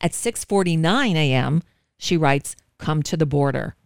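A woman's voice: low-pitched, animated, measured pace, creaky, clear, resonant tone, no room sound, studio quality. A woman radio show host earnestly recounting a personal story in an emotional telling.

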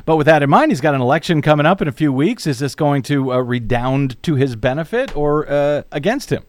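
A man's voice: fairly high pitch, lively intonation, a little fast, no echo. Male talk radio host, easygoing, hesitant questioner, dry studio sound. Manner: easygoing, hesitant with frequent uh's. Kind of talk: conversational interview.

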